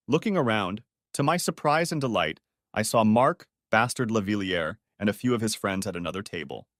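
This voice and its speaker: A man narrating a story audiobook in a steady, expressive reading style. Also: fairly low pitch, brisk, dry recording, clean studio sound.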